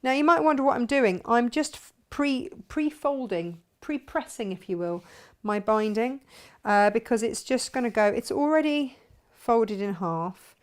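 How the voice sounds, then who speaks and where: A woman's voice: fairly high pitch, unhurried, few pauses. Chatty woman sewing on camera. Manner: chatty, self-mocking, talks while working. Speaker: sewing vlogger and shop owner. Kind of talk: casual sewing tutorial chat.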